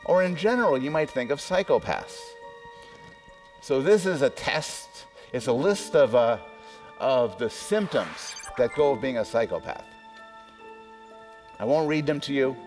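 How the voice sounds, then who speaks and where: A male psychology professor gives a conversational public lecture, asking the audience questions and adding personal asides. His voice is mid-range and a little mellow.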